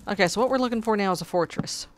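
A woman's voice: medium pitch, racing, slight background noise. A woman hosting a casual gameplay video, chatting as she plays and talking to her cat in between. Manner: chatty, talks to her cat while playing. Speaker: let's play host.

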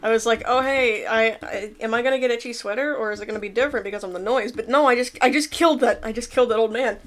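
A woman casually commentating a game she is playing, excitable and jokey, laughing often and yelping when things go wrong. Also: a little high, racing. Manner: excitable, laughing, swearing, yelps in panic. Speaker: gameplay commentator. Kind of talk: casual let's-play commentary.

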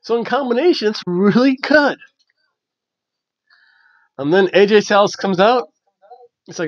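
A man hosting a casual wrestling review, chatty and animated with lots of fillers. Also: high-pitched, moderate pace, pauses often, no room sound. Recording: dull, dry lo-fi recording.

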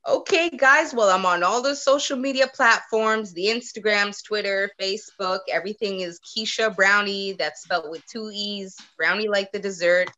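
A woman's voice: medium pitch, moderate pace, hardly any pauses, pushed and bright, lo-fi sound. A woman comedian, a guest on the show, chatting casually and telling a family anecdote, laughing as she goes. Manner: laughs through her own storytelling. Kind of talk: casual interview chat.

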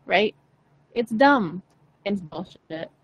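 A woman's voice: mid-range voice, expressive, slow, slightly rough, rough recording. A young adult woman teaching singing in a casual, chatty way, frank and playful, swearing now and then. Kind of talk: casual livestream voice lesson.

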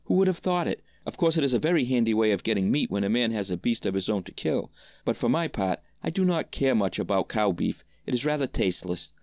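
A man's voice: medium pitch, big pitch swings, quick pace, no echo, clean studio sound. A man voicing Hans, a cheerful, simple-minded young man, in a storybook reading, with an eager, raised voice. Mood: naive, delighted.

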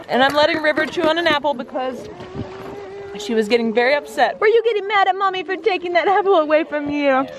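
A woman's voice: high voice, brisk. A woman filming her baby on a lakeside beach, chatting in sing-song baby talk and laughing often. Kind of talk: casual family vlog chat. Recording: outdoor crowd and noise.

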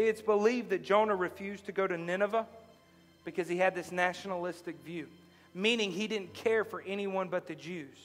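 A man preaching a sermon as pastor to his congregation, impassioned, swinging between loud urgent stretches and hushed quiet ones. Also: high-pitched. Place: church hall. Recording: echoey church hall, faint music.

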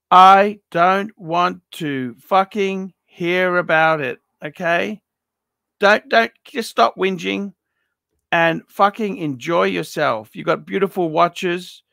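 A middle-aged man reviews a watch collection in a blunt, swearing rant. His voice sits high and gravelly, with a sharp, forceful edge. The sound is dry and close. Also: dry recording. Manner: blunt, profane, ranting advice. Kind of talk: unscripted paid review monologue.

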